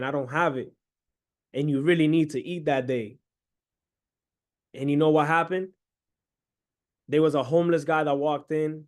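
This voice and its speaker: A young man preaching a story-sermon, acting out the excited son in a high voice and the father in a low, slow one.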